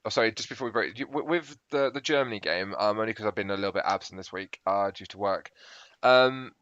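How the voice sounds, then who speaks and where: A man's voice: fairly low pitch, fast talker, a bit bright, clear, resonant tone, no room sound, lo-fi sound. A British man co-hosting a podcast, chatting casually, rambling and interrupting himself with apologies. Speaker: podcast co-host. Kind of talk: casual chat.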